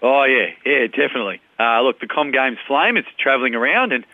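A man's voice: medium pitch, lively intonation, brisk, no echo, lightly acted. A man doing a cheeky ocker Australian sports star impression with a broad Australian accent, joking like a larrikin down a muffled phone line. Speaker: comic caller.

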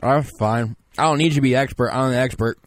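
A man's voice: mid-range voice, fast, no room sound, natural voice. A radio host doing a smug, self-proclaimed football expert, a man full of himself who rambles on with boastful certainty. His voice sits mid-range and sounds close and dry, with no room around it. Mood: pompous. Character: pompous self-proclaimed male draft expert guest. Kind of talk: comedic radio bit as a fake draft expert. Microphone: studio mic.

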